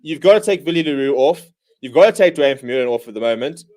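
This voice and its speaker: A man hosting a live rugby watchalong, calling the play in quick bursts and ranting in exasperation at his own side. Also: mid-range voice, animated, a little mellow. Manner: exasperated, ranting fan commentary. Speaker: watchalong host. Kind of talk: live match watchalong commentary.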